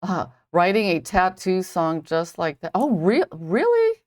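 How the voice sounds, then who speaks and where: A woman's voice: lowish voice, huge pitch swings, measured pace, a little mellow. A middle-aged woman, a jewelry designer, rambling in casual chat with viewers on a live stream while she knots a bracelet, saying "like" constantly. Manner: rambling, heavy use of "like".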